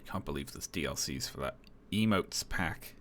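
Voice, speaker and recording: A man's voice: a bass voice, animated, normal speed, a bit bright, slight background noise. A man streaming live, chatting casually, chuckling and reading on-screen text aloud with dry remarks.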